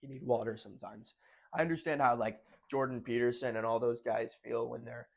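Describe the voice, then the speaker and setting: A man's voice: mid-range voice, steady tone, a little fast, gravelly, highs cut off. Young guy rambling through a weekly check-in video, restarts a lot. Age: young adult. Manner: rambling, self-correcting. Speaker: vlogger. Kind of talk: casual monologue check-in.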